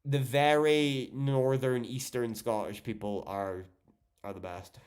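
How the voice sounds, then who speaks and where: A man's voice: mid-range voice, steady tone, slow pace, darkish tone. A young man with a Geordie northeast English accent, chatting casually and swearing freely as a streamer reading viewer messages. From northeast England. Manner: sweary, blunt, joking.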